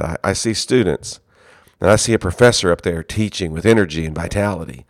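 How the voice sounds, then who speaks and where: A man's voice: deep voice, a little fast, no echo, studio quality. A man who leads a seminary, giving an earnest, conversational ministry talk. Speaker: seminary leader.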